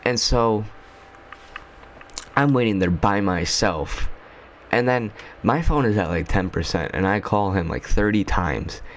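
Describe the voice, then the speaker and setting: A man with a very low voice spins a casual storytime for his channel. He rambles along loosely, leaning on slang and filler words as he goes. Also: animated, a little slow, long pauses, a little hiss or hum. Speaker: YouTuber.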